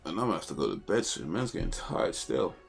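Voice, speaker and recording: Low gravelly-voiced man streaming a game. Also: very animated, quick pace, soft background music. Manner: muttering reactions to gameplay. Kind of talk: casual gaming livestream talk.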